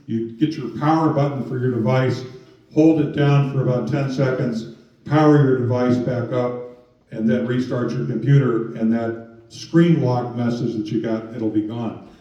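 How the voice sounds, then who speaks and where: A man tells stories to a live audience, full of "you know" and "um" as he acts out each person's lines. His voice sounds mellow and comes from across a big echoey room. The sound is a bit dull. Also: medium pitch, fairly even intonation, normal speed, recorded from a distance. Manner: storytelling, acts out quoted voices with lots of fillers. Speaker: speaker giving a talk on scams. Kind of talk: public talk retelling stories. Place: museum meeting room.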